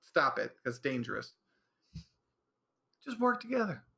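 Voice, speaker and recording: A man's voice: on the high side, big pitch swings, measured pace, creaky, bright, forceful tone, husky. A man hosting his own podcast, rambling through his opinions in an offhand ranting way, with frequent restarts. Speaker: podcast host. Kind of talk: casual solo podcast monologue.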